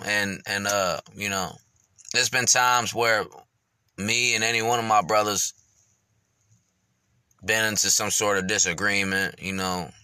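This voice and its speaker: Guy on his podcast just keeping it real, kinda low voice but bright, rambly and swears a lot, dry mic. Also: smooth, dry recording. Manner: reflective, rambling, many fillers, swears freely. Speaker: podcast host. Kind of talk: candid podcast monologue.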